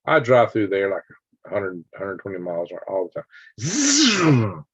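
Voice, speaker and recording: A low-voiced, quick-talking man from Alabama hosts a casual livestream, rambling through stories for his viewers with sound effects and chuckles. The home stream audio is dry, dull and lo-fi, with slight background noise.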